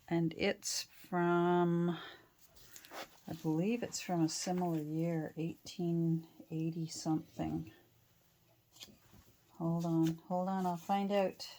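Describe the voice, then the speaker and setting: A woman's voice: on the low side, a little mellow. A middle-aged woman from Canada chatting casually with lots of fillers and restarts while she works on a craft project in her home studio. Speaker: craft vlogger.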